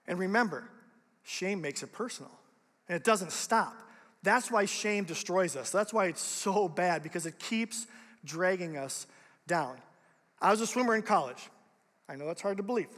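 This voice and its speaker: A young man, a youth pastor, giving a casual, animated sermon in a large auditorium. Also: sits high. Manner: casual, animated, conversational preaching. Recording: long reverb of a large hall.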